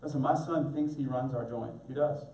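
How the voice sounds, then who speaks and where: A man's voice: medium pitch, fairly quick, mellow, a little hiss or hum. A middle-aged male pastor preaching an earnest sermon, speaking directly to his congregation. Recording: echoey room, mic at a distance.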